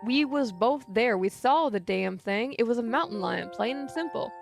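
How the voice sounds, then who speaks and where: A woman puts on a gruff old man of the hills with a sore hip, scolding in a slow drawl. His voice is gravelly and a touch high for an old man, and a faint hum of music sits behind it. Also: expressive. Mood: stern. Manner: stern, folksy, scolding.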